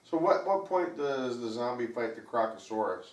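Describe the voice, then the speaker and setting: A man's voice: mid-range voice, animated, moderate pace. A male co-host who dryly needles his partner with sarcastic asides. His voice sounds roomy and comes from some distance off the mic. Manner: dry, sarcastic heckling. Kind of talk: casual review chat.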